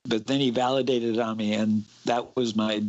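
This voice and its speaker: A man's voice: mid-range voice, flat delivery, moderate pace, darkish tone, highs cut off. A young man on a talk show, telling a personal ghost experience in a casual, suspenseful way. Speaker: guest. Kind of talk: casual storytelling.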